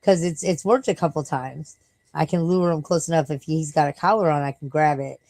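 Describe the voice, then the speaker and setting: A woman with a low, deep-set voice chats on a late-night live stream, tired and rambling. She swears a lot and keeps turning aside to scold or coo at her dog. The sound is close and dry, with no room around it. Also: brisk, a little mellow, no room sound, rough recording.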